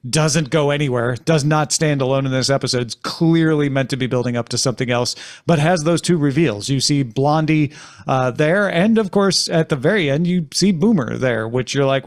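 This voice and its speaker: A man's voice: a little high, moderate pace. A man hosting a casual TV discussion podcast, talking animatedly with playful jumps in his voice. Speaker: podcast host. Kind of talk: casual chat.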